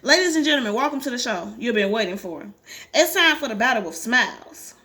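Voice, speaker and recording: A woman's voice: a little high, animated, a little fast, pushed and bright, pitched below the performer's own voice. A woman reading the lines of a composed therapist leading a group game. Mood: calm.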